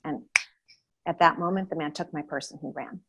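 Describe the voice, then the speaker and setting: A woman talking as a guest in an interview, telling a personal story in a lively way with many fillers and restarts. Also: deep voice, normal speed, slight background noise, low-quality recording.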